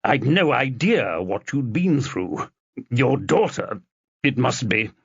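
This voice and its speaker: A man's voice: medium pitch, big pitch swings, takes it slowly, gravelly, breathy edge, no echo, highs cut off, pitched above the performer's own voice, full character voice. A man voicing an oily, fawning older male judge who talks in a wheedling, ingratiating way.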